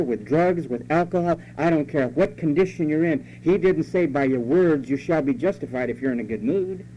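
A man's voice: a little high, mellow. Emphatic preacher man, lo-fi hum. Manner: emphatic preaching, repeats key phrases, rhetorical questions. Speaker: pastor. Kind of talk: sermon. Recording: dull lo-fi sermon recording with faint hum.

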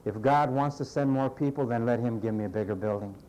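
A man preaching a sermon in a conversational, animated way, acting out the voices of the people he quotes. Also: mid-range voice, fairly quick, slight background noise, rough recording. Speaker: pastor.

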